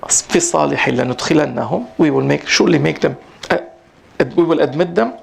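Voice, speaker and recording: A man giving an informal religious talk to a gathering, rising in pitch for emphasis and mixing in Arabic phrases. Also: very fast, vocal fry, slight background noise. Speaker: Sufi teacher giving a talk. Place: prayer hall at a community gathering.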